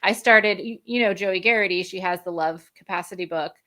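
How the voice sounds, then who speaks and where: A woman's voice: medium pitch, fairly quick, pushed and bright. A woman working as a functional medicine practitioner, explaining health topics energetically in an interview and laughing often. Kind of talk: interview conversation.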